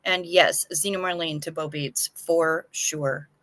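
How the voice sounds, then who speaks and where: A woman's voice: deep voice, fairly even intonation, slow, fairly bright tone. A woman hosting a casual live stream, chatting frankly with viewers and swearing now and then, sounding anxious.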